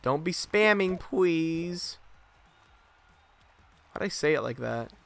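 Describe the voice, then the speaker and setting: A young man streaming a game live, giving excitable commentary full of profane trash talk. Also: a little high, takes it slowly, gravelly.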